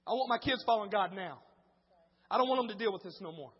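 High, husky preacher man. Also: lively intonation, fast, in a large hall, highs cut off. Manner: swings from quiet storytelling to shouted preaching. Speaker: pastor. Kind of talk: sermon. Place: church.

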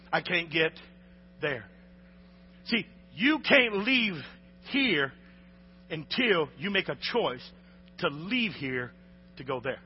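A man preaching a sermon to a congregation, calling for responses and shouting at the peaks. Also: a little high, a little hiss or hum. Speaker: pastor. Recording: lo-fi recording with long hall reverb.

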